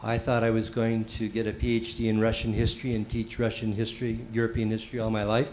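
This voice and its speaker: A middle-aged university president speaking on a conference panel in a conversational way, hesitating with frequent fillers. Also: male voice, lowish voice, completely flat delivery, quick pace, a little mellow, a little hiss or hum, rough recording.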